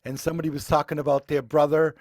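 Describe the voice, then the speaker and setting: A man's voice: on the high side, little pitch movement, quick pace, darkish tone, a little hiss or hum. A middle-aged man co-hosting a podcast, telling stories in a rambling, amused way. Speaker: podcast co-host. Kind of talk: casual podcast chat.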